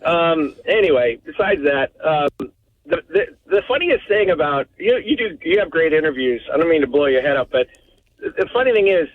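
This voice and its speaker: A man's voice: fairly high pitch, lively intonation, normal speed, dry recording. A man calling in to a radio show, rambling and repeating words as he talks. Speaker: caller. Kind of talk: phone-in talk. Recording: tinny phone line.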